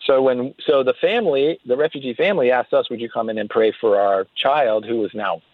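A man's voice: mid-range voice, brisk, dry recording. A man, a guest on a radio interview, telling stories earnestly and often restarting his sentences. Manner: earnest, faith-filled storytelling with frequent restarts. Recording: tinny phone-line sound.

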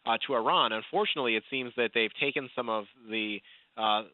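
A man giving commentary as a guest in a radio interview, speaking haltingly with many fillers. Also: mid-range voice, dry recording. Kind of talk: phone-in interview. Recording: tinny phone line.

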